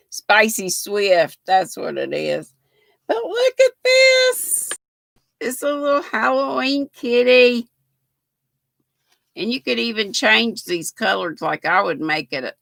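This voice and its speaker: An older woman hosts a relaxed livestream, her voice gravelly with fry yet bright at the top, and she takes her time between words. She chats warmly with viewers, reads their comments, and keeps thanking them. The sound is close and dry. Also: on the low side, no room sound. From United States. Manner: chatty, thanks viewers often, laughs easily. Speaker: livestream host. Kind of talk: casual livestream chat reading comments.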